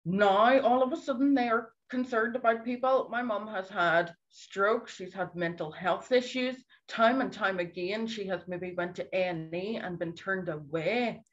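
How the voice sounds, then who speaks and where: A woman's voice: mid-range voice, unhurried, hardly any pauses, lo-fi sound. A woman in her thirties with a Scottish accent, speaking as a guest in an emotional interview, earnest and pleading, repeating herself for emphasis.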